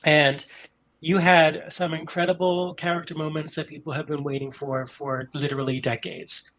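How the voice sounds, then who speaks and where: A man's voice: on the high side, little pitch movement, normal speed, a bit bright, poor audio. A man in casual podcast chat, talking enthusiastically and rambling with many ums, from an upstairs room in his mother's house. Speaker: podcast guest.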